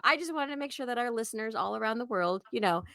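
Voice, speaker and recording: A woman's voice: a little high, expressive, quick pace, bright, forceful tone. A woman co-hosting a podcast, playful and giggly in casual chat. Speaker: podcast co-host.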